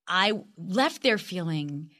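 Animated older woman, chatty storyteller. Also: lowish voice, slow. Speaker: actress, guest. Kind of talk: casual interview chat.

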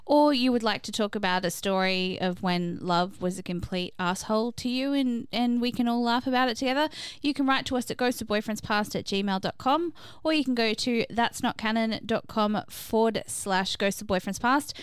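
A woman's voice: on the high side, normal speed, clean tone, no echo, studio quality. Frank, casual New woman podcaster. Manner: frank, laughing, swears casually. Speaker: podcast co-host.

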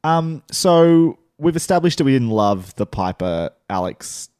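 A man's voice: mid-range voice, very animated, a little mellow, smooth, no echo. Australian man, dry close sound. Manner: quick, emphatic, argues points. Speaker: podcast co-host. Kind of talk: casual TV review chat.

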